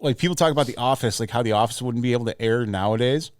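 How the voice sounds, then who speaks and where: A man's voice: mid-range voice, racing, no echo, studio quality. A man co-hosting a podcast, chatting casually and telling a long, stammering story. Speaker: podcast co-host. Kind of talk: casual chat.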